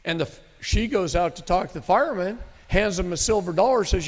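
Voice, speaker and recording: A man's voice: high voice, lively intonation, brisk. Blunt folksy man in a reverberant hall. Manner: blunt, folksy, emphatic, occasional cursing. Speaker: speaker at a live event. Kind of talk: storytelling to a live audience. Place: meeting room with an audience.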